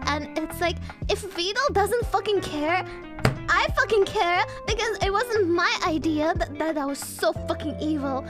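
A young woman streamer reacting in casual talk, excitable, stammering, laughing often and swearing a lot. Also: extremely high pitch, unhurried, music in the background.

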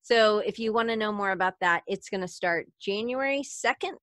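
A woman's voice: medium pitch, moderate pace, fairly bright tone, no echo, studio quality. A woman hosting a podcast in a casual chat, giggly and chatty, reading out listener comments. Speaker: podcast host.

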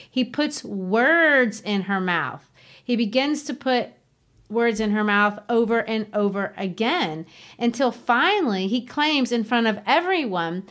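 A woman hosting a podcast, explaining a novel in an earnest, emphatic way. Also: a little high. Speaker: podcast host. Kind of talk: literature discussion.

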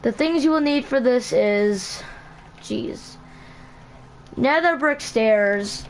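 Brief: woman host, casual build tutorial, slow unhurried delivery, higher voice, stops to correct herself. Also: slight background noise. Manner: halting, self-correcting, repeats item names. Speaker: channel host.

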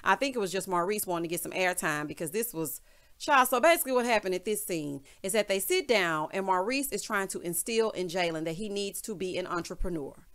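A woman casually recapping a reality show, sassy and chatty, who often mimics the people she talks about in high, mocking voices. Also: animated, a little fast, fairly bright tone. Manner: sassy and chatty, often says "child" and "honey".

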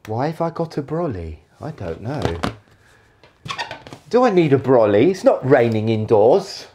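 A man's voice: mid-range voice, sing-song, a little slow, noisy background. A man filming a playful vlog in his indoor hallway, talking to himself as he goes. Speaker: YouTuber.

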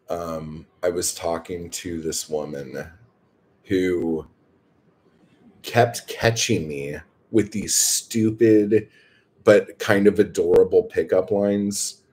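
A man's voice: low voice, darkish tone, husky. A man chatting casually to viewers, telling rambling stories full of swearing. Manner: profane, rambling storytelling. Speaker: streamer.

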